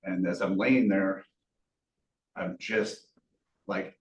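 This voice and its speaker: A man's voice: deep voice, slow, muffled recording. Earnest man telling a survival story. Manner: earnest, animated, folksy with self-deprecating humor. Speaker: guest speaker. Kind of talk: motivational storytelling talk. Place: meeting room. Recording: echoey room, distant mic, faint hiss.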